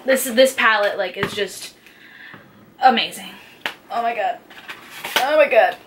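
A young adult woman vlogging about makeup in a casual, gushing way, full of excited exclamations and filler words. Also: a little high, a little slow, noisy background. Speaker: beauty vlogger. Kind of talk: casual unboxing chat.

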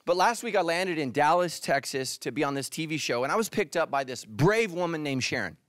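A middle-aged pastor from California preaches in a joking storyteller's way, then turns quiet and earnest. His voice sits a little high and is recorded close and dry. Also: expressive, fairly quick, dry recording. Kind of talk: sermon.

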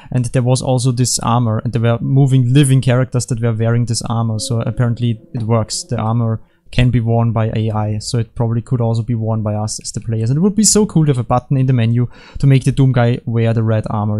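Rambling, jokey gameplay commentator, mellow voice. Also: male voice, medium pitch. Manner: rambling, jokey, self-correcting, puts on silly voices. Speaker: gaming YouTuber.

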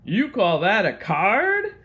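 A smug, boastful young bully cat from a storybook, as a woman reading aloud puts him on. He talks loud and showy, his pitch swinging wide, at a slow, taunting pace. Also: very animated, exaggerated voice.

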